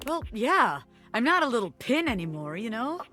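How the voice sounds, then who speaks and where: A woman voicing a cocky young gangster who is a bobby pin, with tough streetwise talk and a soft side underneath. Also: on the high side, sing-song, moderate pace, soft background music. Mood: gruff. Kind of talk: video game voice acting.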